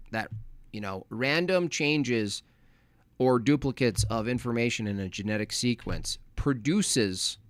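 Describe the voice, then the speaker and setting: A man's voice: medium pitch, no echo. A man hosting a livestream, reading chat and ranting in a mocking, opinionated way. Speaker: livestream host.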